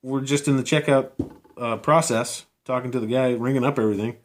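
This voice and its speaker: A man's voice: medium pitch, steady tone, brisk, a little hiss or hum. A man vlogging outdoors, telling a personal story casually, rambling with many fillers and restarts, sounding incredulous.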